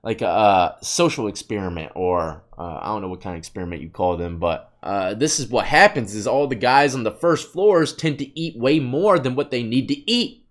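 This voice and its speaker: A man's voice: lowish voice, lively intonation, moderate pace. A man hosting a reaction vlog, talking about prison life in a laid-back, slangy way. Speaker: host reacting to clips, formerly incarcerated. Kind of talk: casual reaction commentary.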